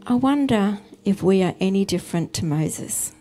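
A woman preacher, giving a calm, measured sermon as a story. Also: mid-range voice, soft background music.

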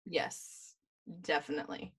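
A woman in her thirties chatting casually, telling animated stories and laughing often. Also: a little slow. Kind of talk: casual chat.

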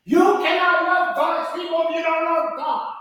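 A man's voice: very high-pitched, steady tone, moderate pace, bright, forceful tone. A man preaching a sermon as pastor, with fervent call-and-response questions and repeated scripture. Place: church sanctuary. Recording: echoey church hall, distant mic.

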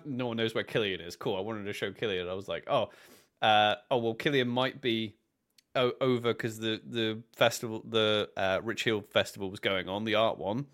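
A British man chats on a podcast, retelling a live role-play weekend with lively quoted voices and plenty of restarts. His voice sits at an ordinary middle pitch. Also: normal speed. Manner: animated storytelling, acts out quoted characters, frequent restarts. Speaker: podcast co-host. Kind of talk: casual chat recapping a live-action role-play event.

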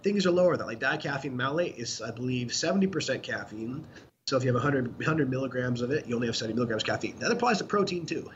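A man's voice: medium pitch, expressive, quick pace. A man co-hosting a podcast in casual chat, explaining bluntly with lots of profanity. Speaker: podcast co-host. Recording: dull lo-fi sound with faint noise.

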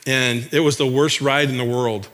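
Man, missionary, from Michigan, church update, enthusiastic, folksy storytelling, average pitch. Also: fairly even intonation, normal speed, fairly bright tone. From Michigan, USA.

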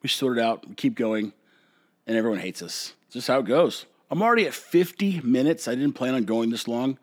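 A man's voice: mid-range voice, brisk. Blunt, opinionated man hosting a podcast. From United States. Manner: blunt, opinionated, swings between calm and heated. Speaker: podcast host. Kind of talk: solo opinion podcast rant.

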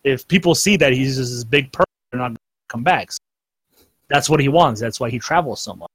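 A man's voice: mid-range voice, expressive, a little fast, fairly bright tone, breathy edge, no echo. A man chatting casually on a podcast, rambling with lots of fillers and restarts. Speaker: podcast co-host. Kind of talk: casual chat.

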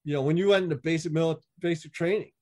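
A man talks fast over a noisy background. He's a veteran motorcycle club member on a podcast, telling stories casually, swearing a lot, and acting out quoted dialogue with shifting pitch.

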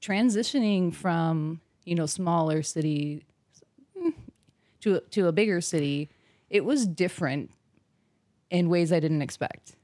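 Young Milwaukee woman, low voice, dry sound, animated storyteller. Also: unhurried, long pauses, no echo. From South Milwaukee, Wisconsin. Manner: animated, acts out quotes in high voices, laughs often. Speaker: guest. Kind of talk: casual interview chat.

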